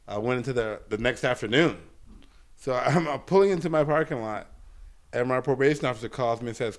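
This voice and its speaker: A man, a stand-up comedian telling a long story in a casual interview, swearing often and filling pauses with "uh.". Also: medium pitch, expressive. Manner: profane, rambling storyteller with many fillers.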